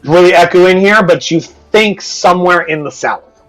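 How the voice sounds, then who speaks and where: A man's voice: high voice, normal speed, fairly bright tone, soft background music, low-quality recording. A man narrating as game master in a casual, profane way, explaining rules as he goes.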